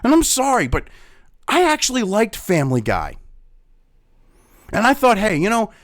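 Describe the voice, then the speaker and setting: A man's voice: sits high, huge pitch swings, normal speed, dry recording, clean studio sound. A man ranting angrily in a profane commentary video, talking as host.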